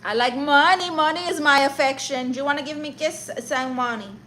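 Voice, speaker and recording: A woman's voice: high-pitched, a little fast, a bit bright, a little hiss or hum. A woman live streaming comedy who rants and roasts her viewers in a brash, sassy, mock-insulting way, with Spanish exclamations thrown in.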